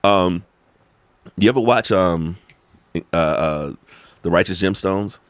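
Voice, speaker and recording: An American man chatting as a podcast guest, animated and emphatic, swearing freely as he tells stories. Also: sits low, slow, smooth, dry recording. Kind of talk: casual conversation.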